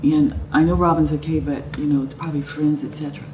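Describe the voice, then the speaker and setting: This middle-aged woman has a low-pitched voice and talks fast with fairly even intonation. She's a vivid storyteller, acting out what people said in her personal story, captured on a roomy, distant, noisy recording.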